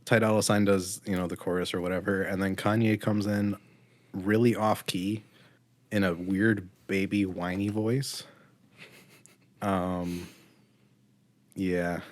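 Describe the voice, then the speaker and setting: A man's voice: sits low, flat delivery, takes it slowly, long pauses, dry recording. A man co-hosting a podcast, giving a blunt, critical album review in casual chat with frequent ums. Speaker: podcast co-host.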